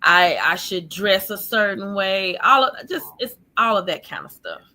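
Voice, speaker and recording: A woman guest recounting her childhood in an earnest, halting way, full of fillers, over a video call. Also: medium pitch, very animated, sharp tone. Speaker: guest sharing her life story. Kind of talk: personal testimony in an interview.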